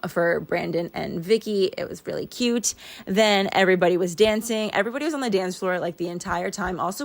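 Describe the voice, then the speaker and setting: A young woman chatting casually over her planner pages, rambling and laughing often with a wheeze. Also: lowish voice. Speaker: planner vlogger.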